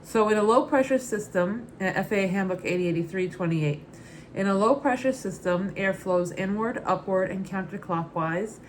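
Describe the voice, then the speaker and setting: A woman who flies as a private pilot reads her study notes aloud in an easy, casual way. Her voice is mid-pitched and matter-of-fact, with an upbeat lift. Faint noise runs behind her. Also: moderate pace.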